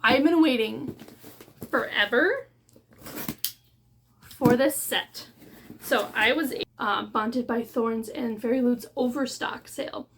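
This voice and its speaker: A woman vlogging a casual book haul unboxing, gushing and excitable as she shows off her books. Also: a little high, takes it slowly, pauses often, a little hiss or hum. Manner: gushing and excitable, with gasps of delight.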